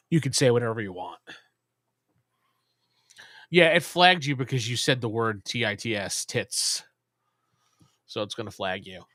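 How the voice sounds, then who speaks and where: A man's voice: mid-range voice, pushed and bright, dry recording, studio quality. A man hosting a casual live stream chat, laid-back and trailing off with ums.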